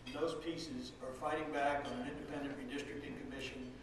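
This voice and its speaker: A man's voice: on the high side, level tone, fairly quick, slight background noise. A middle-aged man giving a folksy, rousing political rally speech as a state legislative leader, heard from some distance in a large room. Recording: echoey hall, far from the mic.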